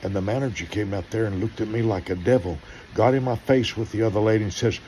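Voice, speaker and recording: Low-voiced older pastor telling stories. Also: male voice, fast talker, a little hiss or hum. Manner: animated, acts out dialogue in stories. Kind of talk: sermon-style storytelling.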